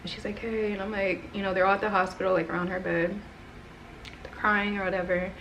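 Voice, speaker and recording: A woman's voice: medium pitch, flat delivery, brisk, a bit bright, dull audio, a little hiss or hum. A woman in her twenties telling a personal story to her camera at home, talking casually with lots of "like" and "right?". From United States. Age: 20s. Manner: rambling, heavy use of "like" and "right?". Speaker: vlogger. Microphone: camera mic.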